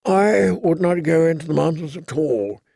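A man's voice: fairly high pitch, moderate pace, vocal fry, mellow, dry recording, clean studio sound, voice pushed up. A man playing a cautious knight with a thin, tired voice. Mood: weary.

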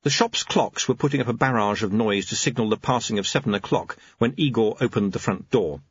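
Male narrator, wry storyteller, lowish husky voice, dull lo-fi dry recording. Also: a little fast. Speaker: audiobook narrator. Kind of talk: scripted narration.

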